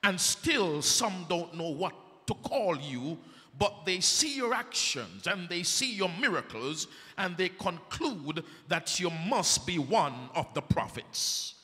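A man preaching a sermon as an evangelist, in a dramatic, rhetorical style that swells to shouts. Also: sits high, big pitch swings, slow. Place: church sanctuary. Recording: echoey church hall.

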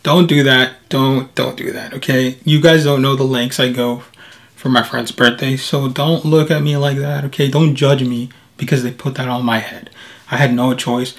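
A man's voice: medium pitch, little pitch movement, moderate pace. Chatty young man vlogging. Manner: chatty, playful, addresses viewers directly. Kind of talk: casual vlog talk to camera.

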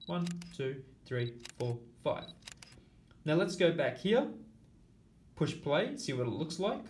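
A man's voice: a little high, big pitch swings, slow, a little mellow, roomy sound. A man teaching an app tutorial, explaining each step in order and counting aloud as he goes. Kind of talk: screen-recorded tutorial walkthrough.

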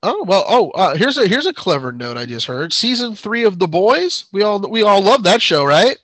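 Guy cohosting a show, kinda high voice, rambly, laughs a lot, dry sound. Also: big pitch swings, moderate pace, fairly bright tone, no room sound. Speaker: podcast co-host. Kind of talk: casual chat.

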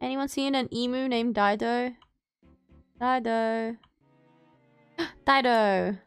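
A young woman in her twenties streaming gameplay, giggly and excitable, swearing freely as she comments. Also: a little high, takes it slowly, clean tone, soft background music.

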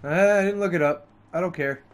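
A man with a fairly high voice giving running commentary over a video game. He grumbles and curses constantly and his pitch leaps up whenever he gets fed up. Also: normal speed. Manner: frustrated, heavy swearing, pitch jumps up in outbursts. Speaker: gamer playing a video game. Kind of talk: let's play commentary.

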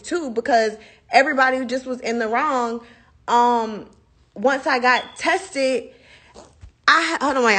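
A woman's voice: a little high, a bit bright. A young woman ranting bluntly and profanely into her phone on a livestream. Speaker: livestream host. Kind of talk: heated casual livestream rant.

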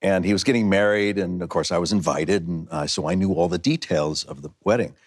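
Husky-voiced man telling a story. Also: brisk. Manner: acts out voices with rising pitch and shouts. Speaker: panel guest. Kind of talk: animated anecdote.

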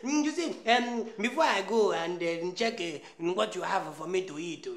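A man's voice: high voice, lively intonation, moderate pace. An actor playing a teasing, scheming Nigerian man who laughs often and bargains playfully, in a Nigerian accent. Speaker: houseguest bargaining with the cook. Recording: echoey room.

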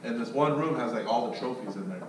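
A fast-talking man of medium pitch coaches others through a sales story, cursing freely and acting out everyone in it with animated voices. The recording has echo, faint noise, and a mic placed far away.

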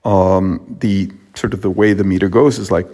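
A man teaching a Latin poem, explaining its sounds and meter in a halting way with frequent pauses and restarts. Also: low voice, fairly even intonation, mellow, husky. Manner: halting, with many fillers and restarts. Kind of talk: explanatory lesson on poetry.

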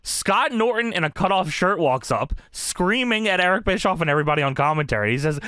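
A man's voice: high-pitched, expressive, a little fast, few pauses, bright, forceful tone, no echo, studio quality. A young man co-hosting a casual wrestling review chat, laughing often, swearing and acting out quotes. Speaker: podcast co-host.

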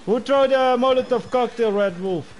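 A man's voice: very high-pitched, normal speed, a little hiss or hum. A man livestreaming a game, chatting casually and greeting players as bro. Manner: friendly, greets players, calls them bro. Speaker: game streamer.

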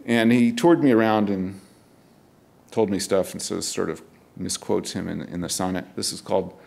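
At a university poetry reading, a middle-aged man recites his own work slowly and with care. His voice is deep, gravelly, and a little mellow, and he chats casually between pieces.

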